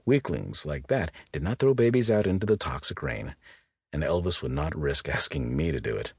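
A man narrating a gritty audiobook in a husky voice. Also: extremely low pitch, expressive, normal speed, dry recording, studio quality. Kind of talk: scripted narration.

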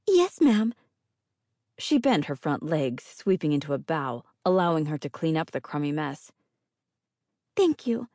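A woman's voice: sits low, a little mellow, no room sound. A woman narrating first-person fiction as an audiobook reader, with a wry, dry delivery.

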